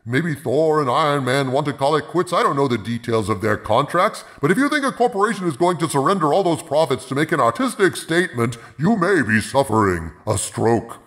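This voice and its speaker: A man's voice: a little high, sing-song, brisk, few pauses, a bit bright. A man hosting a movie review in a pompous villain persona, speaking grandly of himself in the third person. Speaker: host of a movie review show. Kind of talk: theatrical villain-persona commentary.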